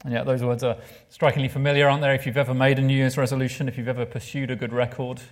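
Man, sermon, mid-range voice, expressive, rhetorical questions, hushed emphasis. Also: medium pitch, very fast. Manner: asks the listeners rhetorical questions. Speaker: preacher.

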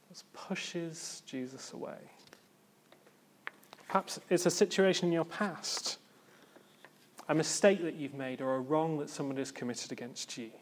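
A man preaching a sermon in an earnest, reflective way, with pauses and gentle emphasis. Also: a little high.

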